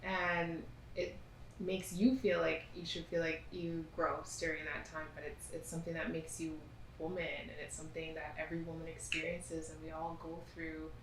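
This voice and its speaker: A woman's voice: deep voice, normal speed, slight background noise. A woman in a casual group conversation, speaking earnestly and expressively. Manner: earnest, expressive, quotes others in mock voices. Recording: echoey room from a distance.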